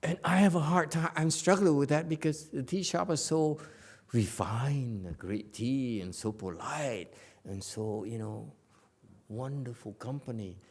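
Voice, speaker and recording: A man's voice: medium pitch, measured pace. A man giving a Buddhist dharma lecture in a meditation hall, blunt and teasing, with many fillers and restarts. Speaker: Buddhist master.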